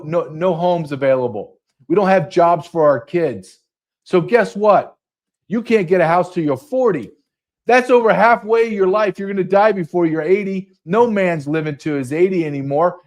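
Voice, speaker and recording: Ranting sarcastic man in his fifties. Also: high-pitched. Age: 50s. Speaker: host. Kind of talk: political commentary.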